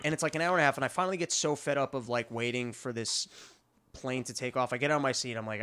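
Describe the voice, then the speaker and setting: A man co-hosting a casual chat, telling stories in an animated way. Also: mid-range voice, fast talker, clear, resonant tone. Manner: animated storytelling, laughing often.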